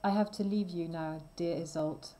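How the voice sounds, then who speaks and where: A woman's voice: fairly low pitch, fairly even intonation, normal speed, warm tone, slight background noise, natural voice, rough recording. A woman voicing Tristram, an earnest and loving young male knight, in a storybook read aloud.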